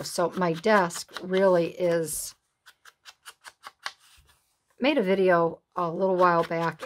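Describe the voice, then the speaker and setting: A middle-aged woman talks her way through a crafting session at home, rambling and folksy. She speaks slowly and unhurriedly in a somewhat low voice. A faint background hiss sits under the recording. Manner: rambling, chatty, folksy asides. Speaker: craft video host. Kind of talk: casual chat while crafting.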